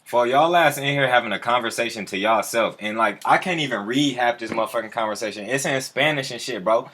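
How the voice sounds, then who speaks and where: A man with a medium-pitched, bright voice talks briskly and forcefully to his livestream viewers. His casual chat is full of profane slang, and he responds to their comments as they arrive.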